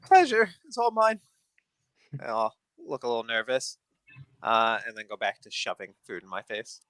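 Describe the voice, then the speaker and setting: A man's voice: lowish voice, steady tone, normal speed, bright, forceful tone, dry recording, poor audio. A man playing a tabletop game, playfully describing what his character does. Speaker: player. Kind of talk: casual tabletop play.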